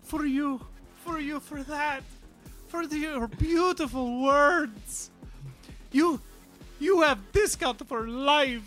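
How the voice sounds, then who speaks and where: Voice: high-pitched, slow, fairly bright tone, soft background music, voice pushed up. A game master playing Marco, an extravagant giant. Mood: tearful joy. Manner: broken English, gushing and theatrical. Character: massive, extravagant male shop owner, effusive. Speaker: game master voicing a character.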